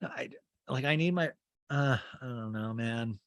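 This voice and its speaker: A man hosting a podcast, recapping a reality show in a wry, animated, joking way. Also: mid-range voice, unhurried, dry recording, studio quality. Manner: wry, animated storytelling with imitated quotes. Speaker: podcast host. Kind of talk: comedic TV recap.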